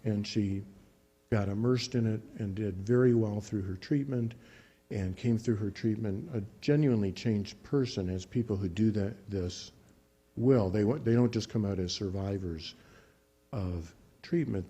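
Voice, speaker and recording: A man working as a clinician who teaches relaxation imagery, telling a patient's story in a calm, measured way with frequent restarts. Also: on the low side, slightly rough, dull audio. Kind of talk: spoken teaching talk with a case story.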